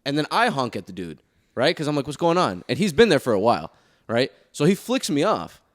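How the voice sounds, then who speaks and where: A young man co-hosting a podcast, casually telling an animated story full of swearing and laughter. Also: mid-range voice, brisk. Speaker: podcast co-host.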